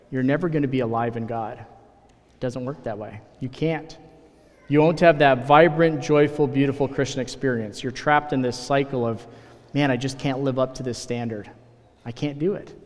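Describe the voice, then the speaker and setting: Man preaching a sermon in an echoing hall. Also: medium pitch. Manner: earnest, animated preaching with rising emphasis. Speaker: pastor. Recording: long reverb of a large hall.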